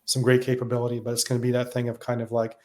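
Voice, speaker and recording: Man, interview guest, brisk talker, reflective, filler-heavy casual chat. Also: mid-range voice, monotone. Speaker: guest, software consultant.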